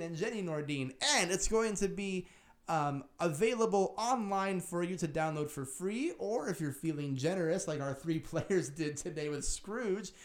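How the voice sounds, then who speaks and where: A man narrating a comedic tabletop game as game master, joking, laughing and swearing as he goes. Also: high voice. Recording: roomy echo, faint music.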